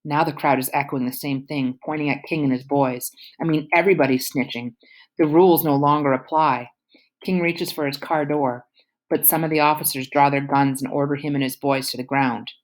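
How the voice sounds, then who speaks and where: A woman's voice: deep voice, fairly even intonation, a little fast. A woman reading a novel aloud, with occasional whispered asides. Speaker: audiobook reader.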